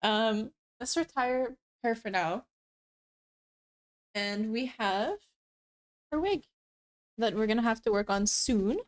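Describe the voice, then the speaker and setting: A woman in her twenties chats casually on a live stream while working on a cosplay, with a slightly high voice. She rambles through stories, full of fillers and little laughs. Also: animated, takes it slowly, pauses often. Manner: giggly, rambling storyteller with frequent laughs and fillers. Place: home room while crafting. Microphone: streaming setup.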